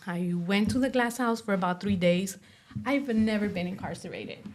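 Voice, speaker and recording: A woman being interviewed, telling a personal story in a halting way, full of fillers like "you know" and "like.". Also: mid-range voice, darkish tone, slight background noise. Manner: acts out other people's words while telling her story. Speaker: interview guest.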